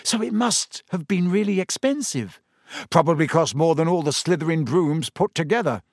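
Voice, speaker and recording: A man's voice: sits high, very animated, moderate pace, no room sound, studio quality, pitched above the performer's own voice. A man voicing an impatient, hot-tempered teenage boy wizard in a storybook reading. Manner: loud, impatient outbursts.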